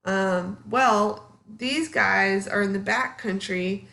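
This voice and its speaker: A woman in her thirties teaches a history class in a relaxed, conversational way. She leans on fillers like "um" and keeps checking in with her students through quick questions. Her pitch sits in an ordinary middle range. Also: creaky. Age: 30s. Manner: casual, chatty, filler-heavy, asks the class questions. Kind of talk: classroom lecture.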